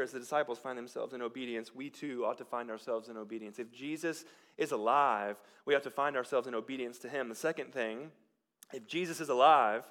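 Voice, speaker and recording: A man preaching a sermon as pastor, moving between loud, emphatic lines and quiet, hushed ones. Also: a little high.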